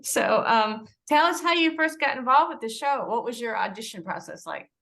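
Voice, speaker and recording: A woman asking interview questions in a friendly, unhurried way, often laughing. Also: fairly high pitch, expressive, gravelly, a bit bright.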